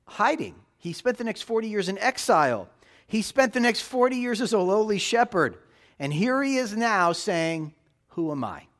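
This pastor's voice is high and a bit bright. His sermon is emphatic, delivered with a voice that swells and falls for effect.

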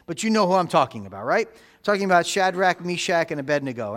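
A man's voice: high-pitched, fairly bright tone. A man giving a sermon as a pastor, talking conversationally, asking the listeners rhetorical questions and repeating phrases for emphasis.

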